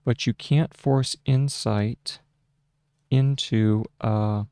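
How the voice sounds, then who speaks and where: A man's voice: mid-range voice, steady tone, a little mellow, smooth, no room sound. A man hosting a casual shorthand tutorial, thinking aloud at his desk into a close microphone, with frequent fillers and restarts. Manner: slow, halting, with many fillers and restarts. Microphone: close desk microphone with a mute button.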